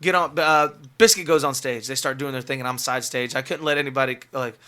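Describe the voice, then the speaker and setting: A man's voice: mid-range voice, fairly even intonation, a little fast, pushed and bright. A man, a musician guest on a radio show, telling a story casually and animatedly, full of fillers and laughter.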